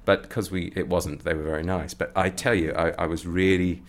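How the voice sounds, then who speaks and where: A man with a very low, deep voice tells a story to an interviewer. He gets animated, his voice rising as he acts out the people in it. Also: fairly quick. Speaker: comedy performer and guest. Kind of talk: anecdotal storytelling.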